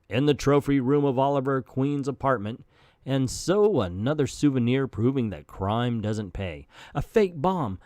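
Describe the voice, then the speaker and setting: A man's voice: mid-range voice, a little mellow, no echo, clean studio sound. A man hosting a comedic comic book read-through, narrating panels dramatically and tossing in jokey asides. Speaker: host reviewing a comic.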